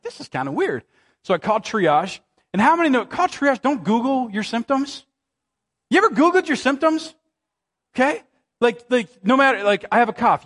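Animated high-voiced male pastor preaching. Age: 30s. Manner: animated, conversational storytelling with dramatic scripture reading. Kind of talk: sermon.

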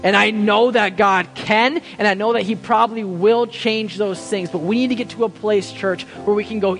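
A man preaching a sermon as pastor, impassioned, swinging between loud pleading and hushed quiet lines. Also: sits high, fairly even intonation, normal speed, few pauses, faint music behind.

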